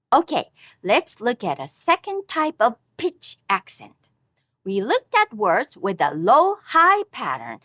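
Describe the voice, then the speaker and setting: A woman narrating a scripted language lesson, speaking with careful, clear enunciation and exaggerated pitch on example words. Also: a bit bright, no echo, studio quality. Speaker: Japanese language teacher.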